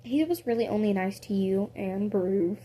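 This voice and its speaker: A woman's voice: mid-range voice, normal speed, mellow, slightly rough. A woman improvising a casual second-person story, rambling with many fillers and corrections of herself.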